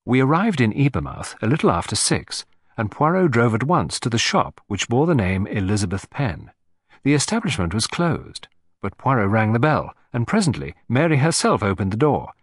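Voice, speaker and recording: A man narrating a detective story with measured, expressive pacing. His voice moves lively through its range, and the recording is dry and close. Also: medium pitch, no echo. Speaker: audiobook narrator.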